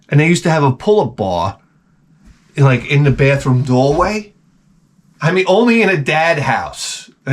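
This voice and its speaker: A man in his forties telling rambling, profane comic anecdotes in casual chat as a podcast host. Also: fairly high pitch.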